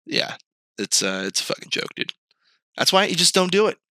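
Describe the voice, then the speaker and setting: A young man hosting a podcast in casual chat, telling animated stories, swearing freely and acting out quoted voices in a higher pitch. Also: fairly quick, dry recording. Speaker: podcast host.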